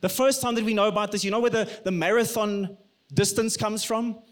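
High-voiced man preaching earnestly. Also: steady tone, fairly quick. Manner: earnest, conversational preaching with personal stories. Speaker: pastor. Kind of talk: sermon.

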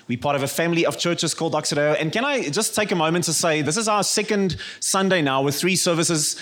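A man's voice: fairly high pitch, quick pace, a bit bright. A man with a South African accent preaching a sermon to a church congregation, conversational and storytelling, calling for the congregation's response. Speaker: pastor. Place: church service.

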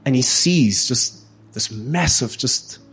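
A man's voice: mid-range voice, animated, slow, fairly bright tone. A man preaching a sermon, telling a story earnestly and addressing his listeners as guys.

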